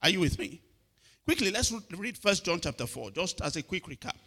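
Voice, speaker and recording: A man's voice: sits high, very animated, a little fast, sharp tone, slightly rough. A middle-aged man preaching a sermon, often asking if listeners are following and repeating his words. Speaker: pastor.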